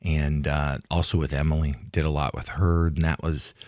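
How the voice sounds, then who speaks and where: Casting: very low male voice, dry studio sound, rambling retired fighter recounting events. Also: flat delivery, moderate pace, a little mellow, dry recording. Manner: rambling, restarts, acts out quoted talk. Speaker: retired fighter, interview guest. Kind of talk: casual storytelling interview. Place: studio in Hollywood.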